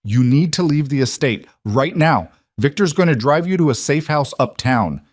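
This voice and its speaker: A man's voice: on the high side, expressive, moderate pace, no room sound, studio quality, voice pushed up. A man reading a commanding male mafia boss who gives clipped, urgent orders.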